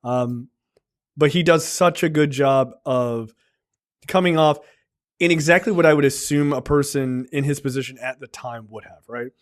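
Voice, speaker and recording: A man co-hosting a casual film review chat, animated and joking, with frequent swearing. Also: medium pitch, normal speed. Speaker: podcast co-host.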